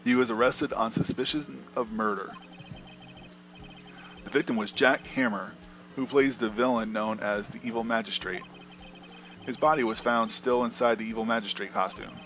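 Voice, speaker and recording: A man reads as a male TV newsreader in a fan game dub. The delivery is even and formal, like a bulletin being read out. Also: mid-range voice, normal speed, pauses often, faint music behind, close to an everyday voice. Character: flat male TV news anchor.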